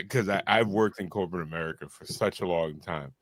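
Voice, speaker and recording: A man's voice: low-pitched, brisk, dry recording, studio quality. A man co-hosting a podcast, talking loosely in casual chat, full of "like" and "you know what I mean". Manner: loose, filler-heavy storytelling with lots of "like". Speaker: podcast co-host.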